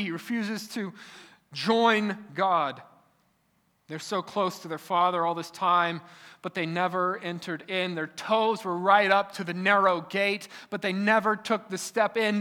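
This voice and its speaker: Male preacher, high voice, emphatic repetition, long hall echo. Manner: emphatic, repetitive preaching with sudden drops to quiet. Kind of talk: sermon. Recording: echoey hall.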